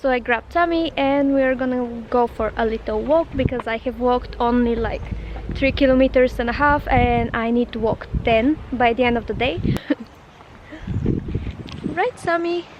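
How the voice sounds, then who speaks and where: A woman's voice: fairly high pitch, moderate pace, lo-fi sound, noisy background. A young woman vlogging casually in a chatty, upbeat way. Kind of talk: casual vlog narration. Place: home and outdoors around town.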